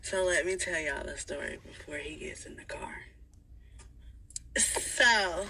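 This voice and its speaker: A woman telling a crude personal story in a casual, profane, animated way, laughing often. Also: fairly low pitch, vocal fry, recorded from a distance.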